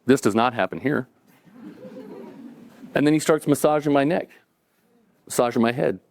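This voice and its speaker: A middle-aged man telling a personal story to a live audience, relaxed and conversational, with chuckles and acted-out quotes. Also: mid-range voice, moderate pace, vocal fry.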